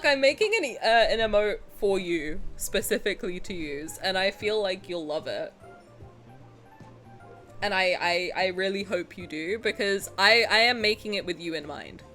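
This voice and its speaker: A woman's voice: mid-range voice, a bit bright. A young woman streamer chatting casually with her viewers as she reacts, gushing and often breaking into laughter.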